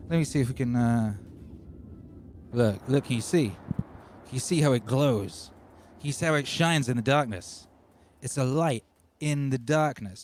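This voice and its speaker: A man in his forties from England, hosting a home livestream in an excitable, rambling way, talking into a microphone run through a DJ mixer. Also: medium pitch, moderate pace. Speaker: livestream host and DJ. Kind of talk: casual livestream chat. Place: home studio. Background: faint music bed.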